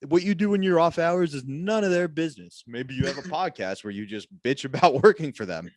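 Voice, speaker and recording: A man in casual comedy chat, telling stories with mock-earnest, deadpan build-ups. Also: on the high side, fairly quick, a crowd in the background.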